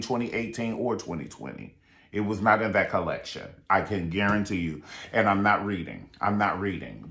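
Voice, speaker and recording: A man giving a sassy, campy review of a reality show, animated and blunt, with shrill falsetto bursts when he imitates people. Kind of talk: sassy vlog commentary. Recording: echoey room.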